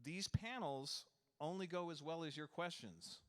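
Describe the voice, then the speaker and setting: A man's voice: fairly high pitch, unhurried. A man talking at a convention panel, chatty and joking with the crowd. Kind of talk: live panel chat. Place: convention hall panel room.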